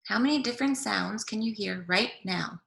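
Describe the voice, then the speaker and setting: Woman teacher, children's read-aloud, bright gravelly voice, echoey room. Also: medium pitch, normal speed, a little hiss or hum. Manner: gentle, engaging, asks the children questions.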